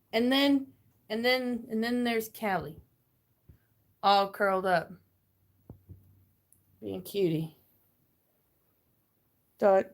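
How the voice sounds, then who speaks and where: A woman chatting casually on a livestream from her messy bedroom, rambling and getting hyper, talking into her phone. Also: medium pitch. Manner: rambling, gets hyper and excitable. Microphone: phone camera.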